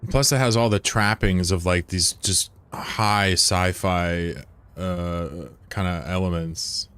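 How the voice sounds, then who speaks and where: Low-voiced guy streaming a game, chill and swearing, reading chat out loud. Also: fairly even intonation, slow, clear, resonant tone. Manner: laid-back, profane, answers chat aloud. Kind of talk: casual livestream chat.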